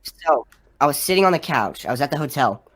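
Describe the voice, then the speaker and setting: Rambling young woman with a lowish voice. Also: expressive, fairly quick, slightly rough. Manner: rambling storyteller, frequent "like". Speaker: podcast co-host. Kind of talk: casual chat.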